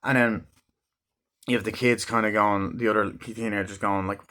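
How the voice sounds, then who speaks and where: A man's voice: on the low side, lively intonation, moderate pace, fairly bright tone. A man giving a casual movie review, rambling and swearing freely as he acts out scenes.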